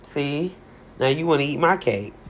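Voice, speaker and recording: A woman's voice: low-pitched, animated, moderate pace, a crowd in the background. Chatty, playful woman podcast host. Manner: chatty and playful, laughs often. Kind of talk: casual chat.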